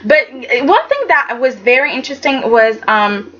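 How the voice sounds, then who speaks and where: High-voiced woman chatting, lo-fi. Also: measured pace. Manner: animated, chatty, acts out quotes in dramatic voices. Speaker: soap opera reviewer. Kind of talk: casual chat. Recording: dull lo-fi sound with faint background noise.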